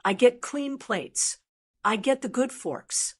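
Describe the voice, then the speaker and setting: A woman's voice: a little high, animated, takes it slowly, breathy edge. An older woman narrating a first-person family story in a reflective, emotional way.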